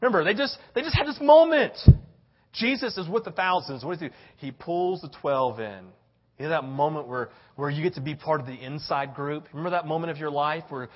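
An older man preaching a sermon, animated and acting out little voices, tossing in "right?" after many lines. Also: a little high, a little fast, highs cut off. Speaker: pastor.

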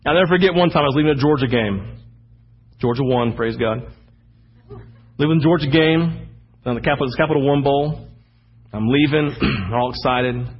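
Husky-voiced pastor preaching a lively sermon. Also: male voice, medium pitch, normal speed, long pauses, highs cut off. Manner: animated storytelling, acting out anecdotes with sudden shouts.

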